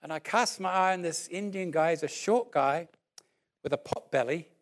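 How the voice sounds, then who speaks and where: A man around sixty, preaching a sermon as a lively story and then leading a prayer, acting out what people said. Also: on the high side, normal speed. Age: about 60. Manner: animated storyteller who acts out what people said.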